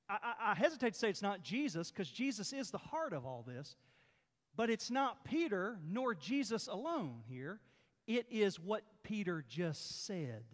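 A man's voice: high voice, sing-song, unhurried, in a large hall. A man preaching a sermon as pastor, with an emphatic, repetitive delivery. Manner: emphatic, repetitive preaching with rising and falling force. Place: church sanctuary.

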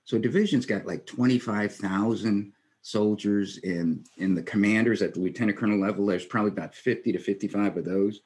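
A retired American army general in his sixties tells earnest anecdotes during a conversational interview, quoting others and giving light chuckles. His voice is fairly low and darkish in tone, and he speaks briskly.

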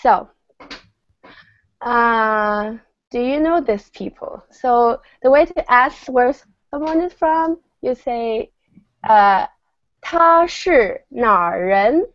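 Slow, patient female teacher on video call. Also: fairly high pitch, no room sound. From China. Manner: patient, slow and clear, repeats words for learners. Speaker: language teacher. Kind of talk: online mini-lesson. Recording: dull lo-fi video call audio.

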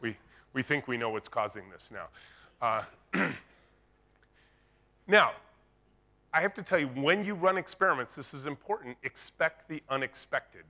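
A man's voice: mid-range voice, animated, unhurried, pauses often, sharp tone. A man giving a conference keynote, telling a story and acting out the dialogue in it. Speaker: keynote speaker. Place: conference stage.

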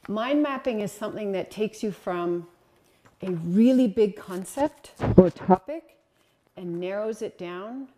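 A woman's voice: medium pitch, a little slow, warm tone, slight background noise. A woman presenting a talk with slides to an audience, conversational and encouraging, with frequent ums and uhs. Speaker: lecturer.

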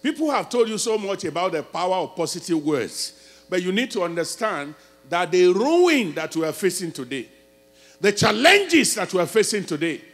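A man preaching a sermon as pastor, who swings from quiet storytelling to loud shouted preaching. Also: high voice.

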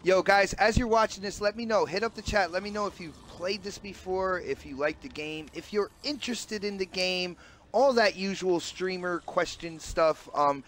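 An upbeat man hosting a live game stream, talking straight to his chat between plays. His voice sits a little high, with a faint hiss on the mic. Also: moderate pace, fairly bright tone. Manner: upbeat, talks straight to chat, brief laughs.

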